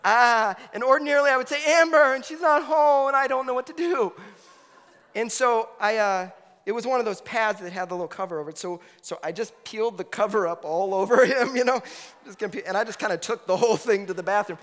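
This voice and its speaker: A man in his thirties preaching a sermon, telling a story in a lively, conversational way with lots of asides. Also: sits high, quick pace. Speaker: pastor. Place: church hall. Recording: reverberant hall with faint music.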